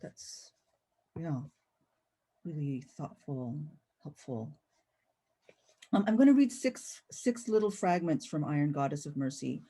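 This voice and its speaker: A woman's voice: low-pitched, sing-song, slow, long pauses, warm tone, husky. A woman poet reading her own work aloud, with rhythmic, incantatory recitation. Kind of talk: poetry reading.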